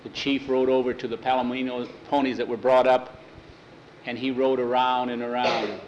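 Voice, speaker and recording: A man's voice: medium pitch, flat delivery, moderate pace, a little mellow, lo-fi sound, a little hiss or hum. A man reading a western story aloud in a homespun way, often repeating "he says".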